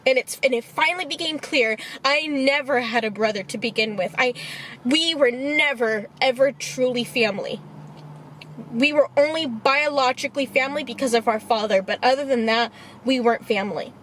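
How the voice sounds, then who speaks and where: A woman in her twenties telling a personal story to her camera. She talks in a halting, emotional way and sounds tearful. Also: sits high, a bit bright. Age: 20s. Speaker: vlogger.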